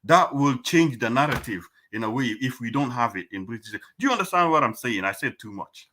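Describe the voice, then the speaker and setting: Male panelist, bright voice, mid pitch, fired-up emphatic delivery. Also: animated, a little fast, slight background noise. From Africa. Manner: impassioned, emphatic, mimics voices. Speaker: panel guest. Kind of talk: casual panel discussion.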